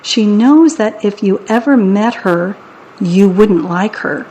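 A woman narrating a children's audiobook in a wry, deadpan way. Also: mid-range voice, takes it slowly, slight background noise, rough recording.

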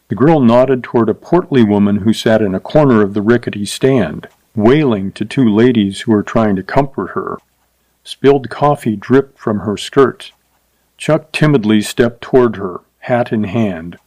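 A man narrating a short story in a measured, even reading voice. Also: medium pitch, no room sound.

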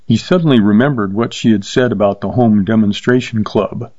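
A man narrating a short story in a steady, measured reading voice. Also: fairly low pitch, dry recording, dull audio. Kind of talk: scripted narration.

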